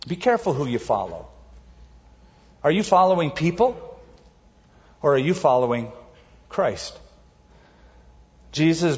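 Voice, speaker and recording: A man preaching a sermon as pastor, emphatic, varying his pace and slowing words down for stress. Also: fairly high pitch, big-room sound, lo-fi sound.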